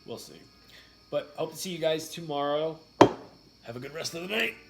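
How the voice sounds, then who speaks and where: A man's voice: on the high side, expressive, moderate pace, heavy background noise. A man in his thirties chatting casually to viewers on a home vlog in a plain, laid-back way. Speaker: vlog co-host. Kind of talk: casual chat.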